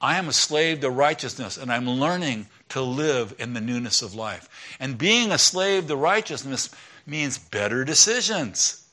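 Bright-voiced male pastor preaching. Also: mid-range voice, expressive, unhurried. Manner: conversational preaching, swinging from loud emphasis to quiet asides. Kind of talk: sermon.

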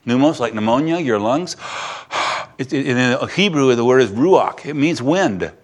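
Conversational preacher swinging to loud excitement. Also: male voice, mid-range voice, normal speed. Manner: conversational, animated, with frequent fillers and sudden bursts of excitement. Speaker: pastor. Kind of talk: sermon.

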